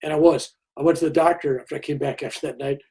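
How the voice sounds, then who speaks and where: A man's voice: on the high side, fast talker, vocal fry, slightly rough. An older man telling a story as an interview guest, acting out what other people said. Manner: animated storyteller who acts out other people's lines. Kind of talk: storytelling in conversation.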